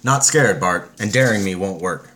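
An actor playing a wary, middle-aged Irish-American scientist and former soldier in an audiobook, speaking in a measured, sober way. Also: male voice, low-pitched, animated, a bit bright. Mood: earnest. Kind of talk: audiobook character voice.

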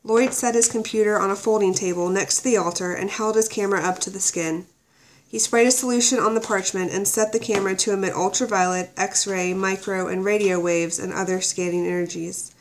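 A woman reading a thriller excerpt aloud in a steady, even storytelling manner. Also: mid-range voice, a little fast, a little hiss or hum. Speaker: narrator. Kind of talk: audiobook narration.

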